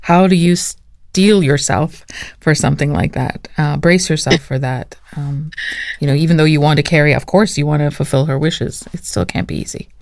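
A news interviewer asking gentle, probing questions. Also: mid-range voice, fairly even intonation, moderate pace, vocal fry, dry recording, clean studio sound.

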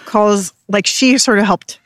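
A woman's voice: mid-range voice, measured pace, a bit bright, dry recording, clean studio sound. A woman chef talking casually in an interview, rambling with lots of fillers, recorded outdoors in her garden. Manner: chatty, rambling, many "like" fillers. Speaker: chef and cookbook author.

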